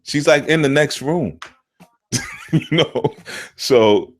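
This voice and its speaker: A middle-aged man, a spiritual teacher, talking casually and telling stories, often jumping high into quoted voices. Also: slow pace. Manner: animated, jumps into quoted voices with big pitch swings. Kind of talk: casual storytelling talk.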